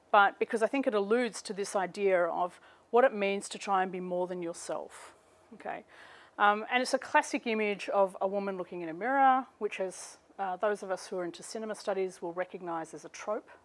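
A middle-aged woman gives a university seminar lecture into a microphone before an audience. She tells stories in a wry, anecdotal way, with mid-range pitch for a woman. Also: fairly quick. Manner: humorous anecdotal storytelling. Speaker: guest lecturer.

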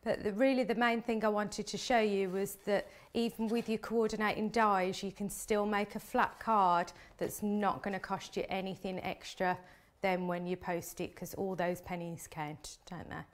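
A woman's voice: medium pitch, fairly even intonation, moderate pace, hardly any pauses. Chatty woman demonstrating card making. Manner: chatty, talks while working with hands. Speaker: craft demonstrator. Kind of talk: live crafting demonstration.

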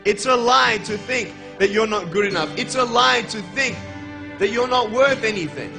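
A man's voice: high-pitched, lively intonation, moderate pace, gravelly, poor audio. A young man giving a motivational speech, earnest and emphatic, asking his listeners rhetorical questions. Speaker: motivational speaker. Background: background music.

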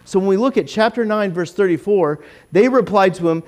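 A pastor giving a casual, conversational sermon in a church, chatty and animated, acting out the voices of the people in his stories. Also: sits high, brisk, few pauses. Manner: chatty and animated, acts out quoted voices, self-deprecating asides.

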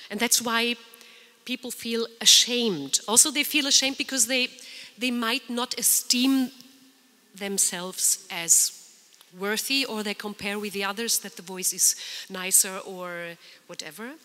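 Woman singer coaching an audience, lively and swooping, in a hall with a long echo. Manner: animated, swoops her voice high and low to demonstrate. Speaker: soprano singer speaking at a symposium. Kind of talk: informal talk guiding an audience in singing. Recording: long reverb of a large hall.

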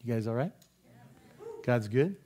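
Fervent pastor praying aloud. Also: male voice, medium pitch, expressive, unhurried, dark tone. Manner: fervent, emphatic praying with repeated phrases. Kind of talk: sermon closing prayer. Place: church sanctuary.

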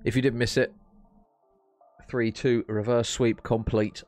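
A man's voice: medium pitch, flat delivery, a little slow, a little mellow, no room sound, soft background music. A man hosting a live esports stream, casting casually with laid-back, jokey chatter. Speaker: esports caster and stream host. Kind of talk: relaxed live casting and banter.

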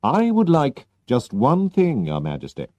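A man voicing a sharp, confident male detective who explains his plans briskly. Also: mid-range voice, huge pitch swings, no room sound, pitched above the performer's own voice. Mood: cool. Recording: dull lo-fi recording.

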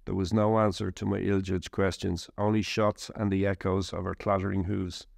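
A man reads a first-person war memoir in a measured, steady way. His low voice has a gravelly edge and stays flat in pitch. The sound is close and dry. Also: no room sound. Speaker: narrator.

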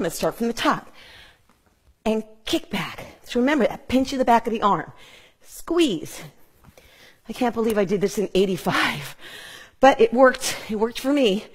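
A woman's voice: on the high side, husky. A middle-aged woman leading a live home workout as a fitness instructor, upbeat and breathing hard as she cues each move while exercising. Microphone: clip-on mic.

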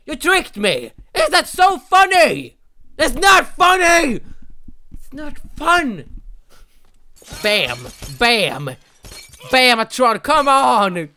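A young man narrates his own gameplay in a high, bright voice, swinging from wild yelling to muttered asides. He curses at the game and cheers loudly at each small win, in no hurry between outbursts. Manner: loud, excitable, yelling and swearing at the game. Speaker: gaming channel host. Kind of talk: let's play commentary.

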